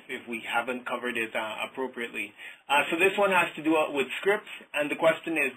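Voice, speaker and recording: A man's voice: a little high, bright, forceful tone, poor audio. A man moderating a webinar, politely reading out audience questions. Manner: polite, apologetic, careful.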